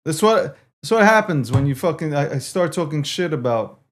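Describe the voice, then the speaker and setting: A man's voice: fairly high pitch, animated, moderate pace. A man hosting a livestream, talking casually to his viewers and swearing in exasperation as he repeats himself. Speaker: livestream host.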